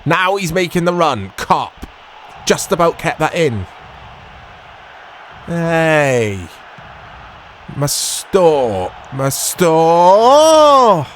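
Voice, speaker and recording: A man commentating his own football video game play, excitable and self-mocking, shouting at big moments. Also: a little high, slight background noise. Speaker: gaming YouTuber. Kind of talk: gameplay commentary.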